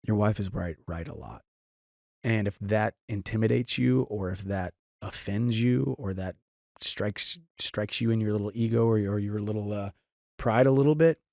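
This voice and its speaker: Man from st louis, low voice, talks earnest n rambly, restarts a lot, podcast host giving advice. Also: gravelly, darkish tone, no echo, studio quality. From St. Louis, Missouri. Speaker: podcast host answering listener questions. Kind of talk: casual advice talk.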